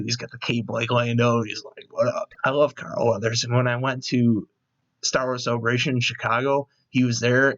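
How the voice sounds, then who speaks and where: A man's voice: medium pitch, fairly bright tone, dull audio. A man giving a casual, enthusiastic episode review into a desk microphone, rambling with lots of fillers and quoted asides. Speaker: movie review vlogger.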